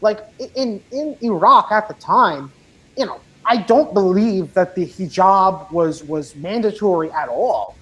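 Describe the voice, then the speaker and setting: A woman chatting casually in an online voice lobby, blunt and profane, getting animated as she talks. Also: medium pitch, unhurried, poor audio. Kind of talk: casual voice chat.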